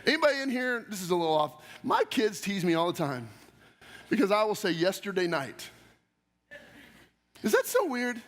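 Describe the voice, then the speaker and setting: A middle-aged male pastor with a strikingly high voice preaches in a casual, conversational way, tossing rhetorical questions and joking asides to his congregation. His voice rings out with a long reverb through the church hall. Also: wildly swooping pitch, a little fast, a bit bright. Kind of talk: sermon. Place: church sanctuary.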